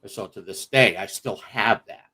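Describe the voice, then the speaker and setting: A man's voice: fairly low pitch, normal speed, breathy edge. Profane storytelling man. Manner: animated, profane, laughs through his story. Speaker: livestream guest telling a personal story. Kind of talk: casual storytelling.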